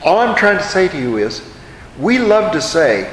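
A man's voice: sits high, very animated, normal speed, reverberant, big-room sound, slight background noise, poor audio. A man teaching a Bible study in a conversational way, often putting questions to his audience.

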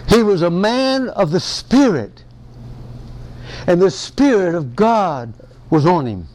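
A man preaching a folksy Bible-study sermon, excitable and often chuckling. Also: high-pitched, slow.

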